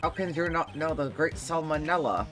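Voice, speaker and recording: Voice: medium pitch, moderate pace, music in the background, pitched above the performer's own voice, close to an everyday voice. A streamer voicing a pompous, self-important young male director from a game, read aloud in a raised, emphatic way. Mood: indignant.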